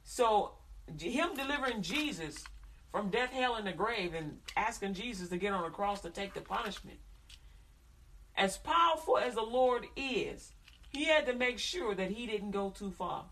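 Bright-voiced woman preaching. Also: mid-range voice, normal speed, far from the mic. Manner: animated storytelling, acting out family voices, chanting prayers. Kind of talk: sermon.

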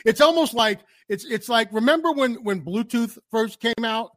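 High-voiced man with wry banter. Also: expressive, normal speed, a bit bright. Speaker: podcast co-host. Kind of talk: casual comedic chat.

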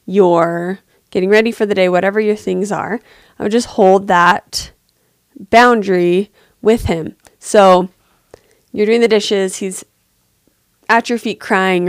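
A woman gives parenting advice on a podcast in a soft, empathetic manner, thinking aloud with small pauses. Her voice sits at a middle pitch for a woman. The sound is close and dry, with no room around it. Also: fairly even intonation, dry recording.

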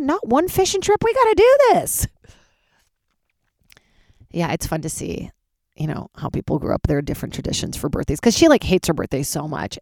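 A woman's voice: low-pitched, gravelly, darkish tone, no room sound, studio quality. A woman stand-up comedian, tired, chatting candidly and swearing freely in a solo podcast recorded in a closet. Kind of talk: casual solo podcast chat.

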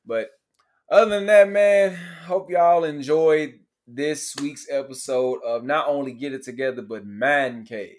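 A man's voice: mid-range voice, measured pace. A young man hosting a casual podcast, laid-back, swearing and laughing easily. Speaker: podcast host. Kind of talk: casual chat.

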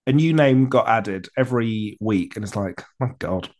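A man's voice: fairly low pitch, moderate pace, a little mellow. A man co-hosting a comedy podcast who chats in an easygoing, agreeable way. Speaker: podcast co-host. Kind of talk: casual podcast chat.

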